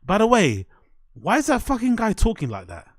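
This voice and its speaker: A British man riffing as a show host, animated and slangy, with swear words all through his talk. His voice sits a little high. It sounds dry and close, with no room echo. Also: moderate pace. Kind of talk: casual reaction commentary.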